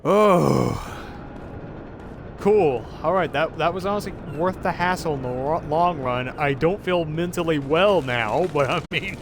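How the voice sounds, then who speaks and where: A man streaming a video game live, talking to his chat in an excitable way and swearing often. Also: on the high side, a little slow, background noise. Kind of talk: live-streamed gameplay commentary.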